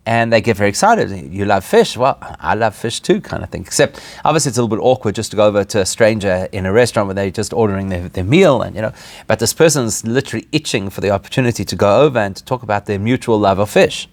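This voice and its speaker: A man's voice: medium pitch, dry recording. A man, a rabbi, giving an informal spoken lesson, asking rhetorical questions and laughing at his own points. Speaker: rabbi teaching a weekly class.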